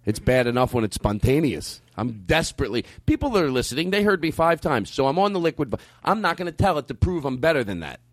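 A middle-aged man talking fast in a loose, rambling way, cutting himself off and circling back. His pitch jumps all over as he riffs through casual comedic banter. The sound is dry and close. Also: no room sound. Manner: rambling, animated, self-interrupting. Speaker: comedian podcast host.

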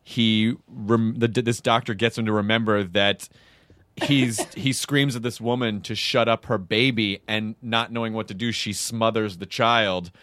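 A man hosting a casual podcast chat, rambling and quick to laugh. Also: fairly low pitch, fairly even intonation, a bit bright, dry recording. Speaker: podcast host.

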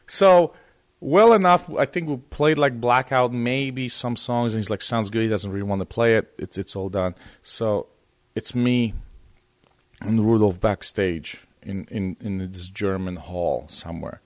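A man being interviewed as a guest guitarist, telling a story in a lively, casual way, often repeating and restarting words. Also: on the low side, unhurried.

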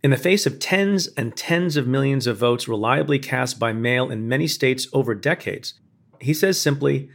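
A man, a former prosecutor, reading a scripted opinion essay in a measured, pointed way with building emphasis. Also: medium pitch. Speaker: former prosecutor narrating commentary.

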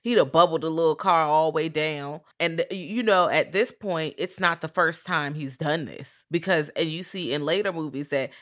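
A woman talking in a casual podcast chat, animated and profane, filling her storytelling with "like" and asides. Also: low-pitched, moderate pace, hardly any pauses. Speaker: podcast co-host.

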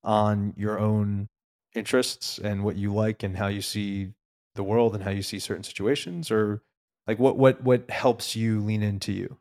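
A man hosting an interview, asking long halting questions. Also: fairly low pitch, steady tone, darkish tone. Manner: rambling, halting questions with restarts. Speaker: interviewer host.

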